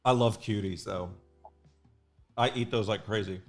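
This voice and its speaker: A man with a lowish voice speaks unhurriedly over soft background music while hosting a live sketching stream. He's playful, joking around and poking fun at himself in casual banter.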